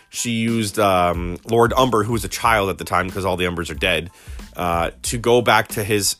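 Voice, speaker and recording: Low-voiced man rambling through an episode recap. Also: fairly bright tone. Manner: rambling, retells scenes with quoted dialogue, many restarts.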